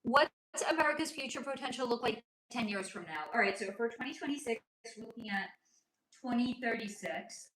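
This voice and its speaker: American woman, livestream host, high and bright, rambling and swearing, roomy sound. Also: a little fast. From United States. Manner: animated, swearing, rambling asides. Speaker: psychic reader on a livestream. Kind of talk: casual livestream chat.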